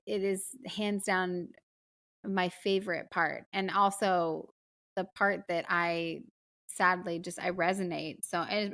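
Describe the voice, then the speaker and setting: A woman's voice: on the low side, a bit bright. A woman co-hosting a film podcast, speaking earnestly and emotionally about a movie. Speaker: podcast co-host. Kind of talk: casual film discussion.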